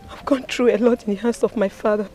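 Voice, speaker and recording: Weeping young woman, Nigerian English accent, gravelly, dark tone. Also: on the low side, flat delivery, normal speed, a little hiss or hum, rough recording. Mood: tearful. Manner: distressed, pleading. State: crying. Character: young woman raised by an abusive father. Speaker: daughter.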